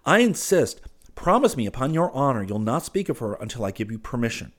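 A man reading an audiobook, voicing a cheerful, innocent young countryman who speaks brightly and insistently. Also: mid-range voice, big pitch swings, quick pace, voice pushed up.

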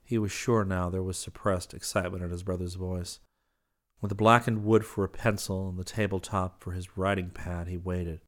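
Male audiobook narrator, deep and monotone, even storytelling. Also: moderate pace. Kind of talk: scripted narration.

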